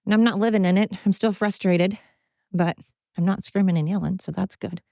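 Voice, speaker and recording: A woman's voice: mid-range voice, fairly even intonation, fairly quick, creaky, mellow, dry recording, muffled recording. A tired woman hosting her podcast at home, talking in a rambling, candid monologue. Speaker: podcast host. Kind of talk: casual personal monologue. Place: at home with pets.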